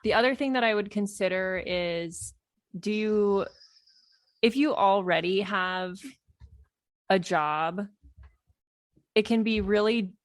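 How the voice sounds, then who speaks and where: A woman's voice: mid-range voice, slow, long pauses, no room sound. A woman podcast host giving casual, conversational business advice in a Q&A episode, laughing easily. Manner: conversational, laughs often, advisory.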